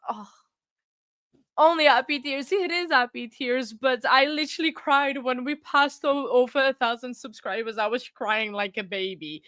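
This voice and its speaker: Effusive woman livestream host, high voice. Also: fairly bright tone, dry recording, studio quality. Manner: effusive and gushing, thanking viewers, rambling with restarts. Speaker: true crime livestream host. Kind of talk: casual livestream chat, reading viewer comments.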